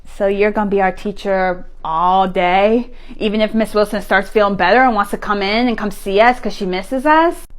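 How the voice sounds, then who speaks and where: A woman's voice: medium pitch, moderate pace, hardly any pauses, lightly acted. A woman voicing a blunt, bossy six-year-old child in a comedy sketch. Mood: bossy, indignant. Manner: bossy, blunt, self-important. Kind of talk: comedy sketch character monologue.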